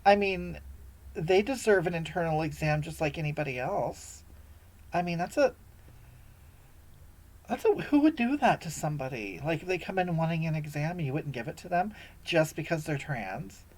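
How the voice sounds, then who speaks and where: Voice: mid-range voice, animated, normal speed, a little mellow, close to an everyday voice. A performer voicing a sanctimonious, self-righteous woman who hosts a livestream and lectures her viewers, sighing heavily between scoldings. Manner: preachy, lecturing, scolding, with heavy sighs. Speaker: livestream host answering viewer comments. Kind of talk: satirical character livestream.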